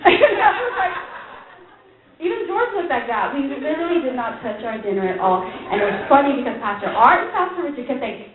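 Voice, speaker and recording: A woman's voice: sits high, a little fast, a loud crowd. Tinny, echoey woman telling a church testimony. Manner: animated storytelling, acting out quoted dialogue, laughing often. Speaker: pastor's wife giving testimony. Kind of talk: church testimony to a women's group. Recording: tinny, phone-like recording in an echoey hall.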